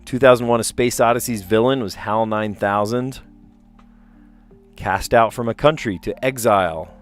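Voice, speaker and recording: A man with a fairly low voice hosts a relaxed livestream, working through word puzzles. He reads each clue aloud and wanders into friendly personal asides, chuckling easily as he goes. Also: moderate pace, faint music behind. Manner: reads clues aloud, chatty asides, amused laughter. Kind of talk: casual livestream commentary.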